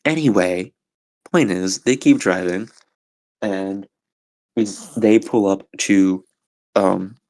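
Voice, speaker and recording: Man, podcast host, casual rambling retelling, low voice, dry close sound. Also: slow pace, long pauses, darkish tone, dry recording. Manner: casual, filler-heavy, rambling.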